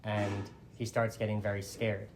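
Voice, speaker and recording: A man's voice: lowish voice, flat delivery, moderate pace, background noise. A man telling an old epic in a casual, chatty way, full of fillers like "like" and small restarts. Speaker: storyteller. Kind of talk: casual oral storytelling.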